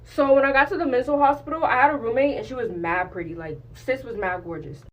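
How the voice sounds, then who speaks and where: A woman's voice: fairly high pitch, fast talker, distant mic, low-quality recording. A young woman telling a personal story to camera in blunt, slangy, profane casual talk. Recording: voice a bit off-mic.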